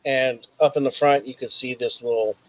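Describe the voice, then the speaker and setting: A man's voice: medium pitch, fairly even intonation, moderate pace, no room sound, low-quality recording. A man narrating as game master, loosely and with many fillers. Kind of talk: narrating a tabletop role-playing game.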